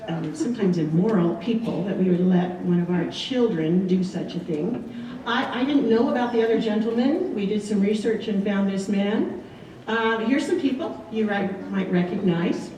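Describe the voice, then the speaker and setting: A woman's voice: mid-range voice, noisy background. A woman giving a casual slideshow talk about her missionary years, chatty with frequent ums. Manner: chatty, many ums, light laughs. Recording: echoey room, distant mic.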